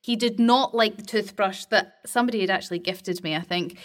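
A woman's voice: mid-range voice, brisk. A woman hosting a casual podcast, telling chatty stories in a friendly way. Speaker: podcast host.

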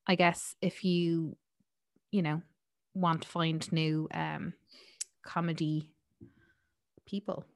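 Irish woman, podcast co-host, low-ish voice, loose filler-heavy chat, dead dry room. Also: level tone, slow pace, long pauses, no echo. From Ireland. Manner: rambling with many fillers and swearing. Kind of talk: casual chat.

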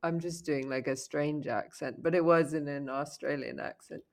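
Woman with a gravelly low voice. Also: moderate pace. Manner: laughs often, animated storytelling. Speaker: podcast co-host. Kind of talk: casual chat.

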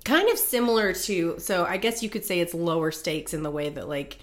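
A woman's voice: fairly low pitch, brisk. A young adult woman co-hosting a podcast, casually retelling a book's plot with lots of fillers and restarts. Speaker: podcast co-host. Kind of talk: casual book chat.

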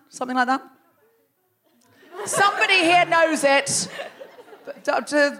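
A woman hosting a comedy podcast live on a theatre stage, teasing the audience in animated crowd work. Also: high voice, takes it slowly, long pauses, slight background noise. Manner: teasing, animated, laughing between jokes. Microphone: stage microphone.

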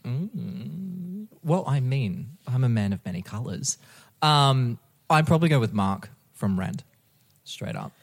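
A man's voice: mid-range voice, expressive, slow, vocal fry. A man as a podcast guest in casual chat, self-deprecating and laughing easily.

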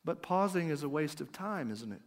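A middle-aged man preaching a conversational sermon, asking his listeners questions and dropping to a quiet, slow voice for emphasis. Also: on the high side, lively intonation. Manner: conversational, asks the audience questions. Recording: long hall reverb.

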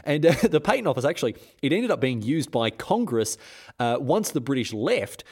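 A man's voice: medium pitch, very animated, moderate pace, darkish tone. Irreverent man telling history. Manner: irreverent, rambling, with stumbling restarts. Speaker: host. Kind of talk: comedic history podcast narration.

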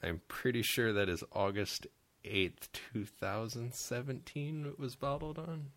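A man's voice: mid-range voice, fairly even intonation, measured pace, fairly bright tone. A man co-hosting a casual podcast, joking around and reading labels aloud in a playful mock accent. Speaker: podcast co-host. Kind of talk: casual chat.

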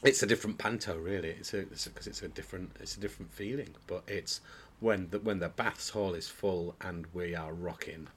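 Guy, kinda low and husky, rambling through funny backstage stories, lots of false starts. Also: fairly quick, few pauses, a bit bright. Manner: storytelling, jokey, many restarts, breaks into laughter. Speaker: pantomime dame actor, guest. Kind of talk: casual chat, anecdotes. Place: indoor podcast recording.

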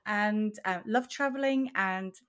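A woman's voice: mid-range voice, a little slow. A woman from Switzerland co-hosting a podcast, chatting casually and telling her story with frequent laughs. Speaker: podcast co-host. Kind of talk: casual chat.

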